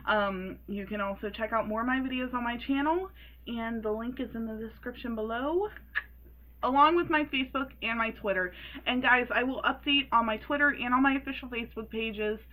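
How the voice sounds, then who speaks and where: A woman in her early twenties telling a story in a casual vlog, animated and sassy, laughing often. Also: a little high, brisk, poor audio. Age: 20s. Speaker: vlogger.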